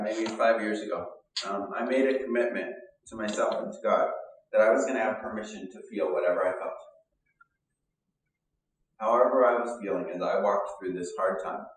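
A man giving an earnest, conversational sermon with pauses and fillers, as a pastor. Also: fairly low pitch. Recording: echoey room, mic at a distance.

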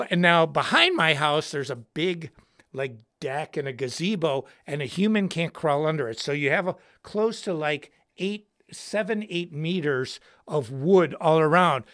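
A man with a bright, gravelly voice hosts a livestream and tells a story in an animated way. His pitch sits a little high and swings widely, and he throws in slang and shouted words for emphasis. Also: moderate pace. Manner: slangy, says dude and bro. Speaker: host and guitarist.

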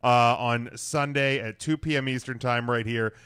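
A man hosting a casual talk show, rushing through plugs and updates. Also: mid-range voice, fairly even intonation, a bit bright, clear, resonant tone. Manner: fast, hurried, plugging shares. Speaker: podcast host. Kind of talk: casual chat. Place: studio.

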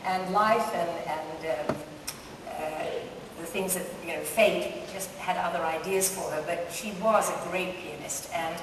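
A woman's voice: fairly low pitch, unhurried, background noise. An older woman telling amused, self-deprecating stories as a guest at a live interview, laughing often. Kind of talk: anecdotal storytelling at a live interview. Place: large hall at a book festival with an audience. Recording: distant, echoey hall recording.

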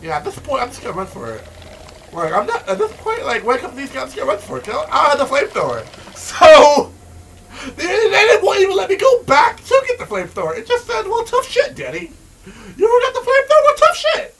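A man recording let's-play commentary, profane and excitable, with shouting outbursts and repetitive rants. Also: extremely high pitch, quick pace, background noise. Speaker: gaming video host.

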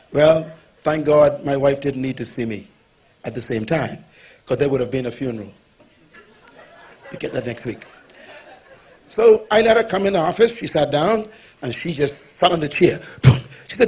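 A male pastor preaching a sermon, telling a story with lively acted-out dialogue and calling on the congregation to repeat after him. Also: fairly high pitch, moderate pace, long pauses, breathy edge. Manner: animated storyteller, acts out dialogue, calls on the congregation.

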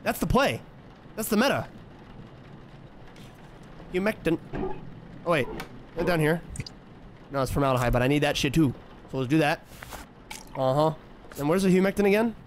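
Young man, streamer, profane running commentary, fairly high voice, faint background hum. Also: expressive, normal speed, pauses often. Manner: profane, trash-talking, jumps to frantic yelling when scared. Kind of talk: horror game let's-play commentary.

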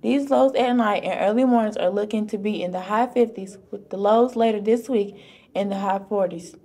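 A teenage girl, a student weather anchor, reading a scripted forecast at a steady pace. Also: mid-range voice, moderate pace. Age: teens.

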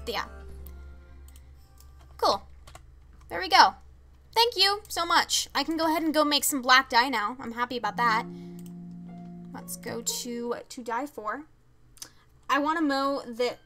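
A woman's voice: fairly high pitch, pushed and bright. A young woman streaming a game, chatting casually, reading chat messages aloud and laughing often.

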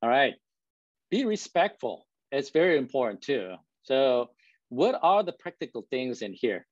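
A man whose first language is not English gives a talk to a live audience as a guest speaker. His pitch sits in a middle range, and he keeps it conversational by often asking "right?" to check in. The recording is dry and slightly dull. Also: very animated, unhurried, dry recording. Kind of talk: presentation to an audience.

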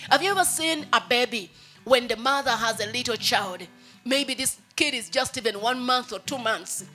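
Bright, high-voiced woman pastor preaching. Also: normal speed, soft background music. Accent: Ugandan English. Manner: preaching, acts out a baby's pleas in quoted lines. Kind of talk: sermon.

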